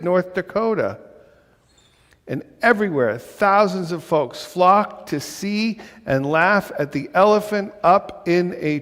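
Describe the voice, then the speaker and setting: Slow, expressive minister reading a storybook. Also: male voice, high voice, in a large hall. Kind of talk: reading a picture book aloud in a service. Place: church sanctuary.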